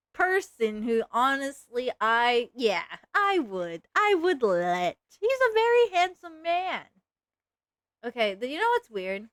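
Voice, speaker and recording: Chatty young woman streamer, lively voice. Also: high voice, no echo, clean studio sound. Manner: chatty, giggly, self-mocking. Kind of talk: casual live-stream chat while drawing.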